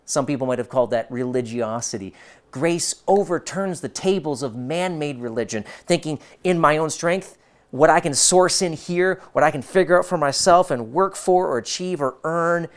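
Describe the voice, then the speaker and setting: A male pastor preaching a sermon, emphatic and moving between quiet and forceful delivery. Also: on the high side, normal speed. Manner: emphatic, shifts between soft and loud.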